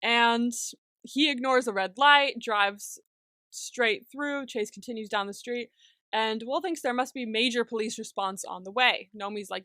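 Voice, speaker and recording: A woman's voice: fairly high pitch, unhurried, bright, forceful tone, dry recording. A woman co-hosting a podcast, recapping an episode in casual chat, laughing often and acting out the characters' lines with plenty of swearing. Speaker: podcast co-host.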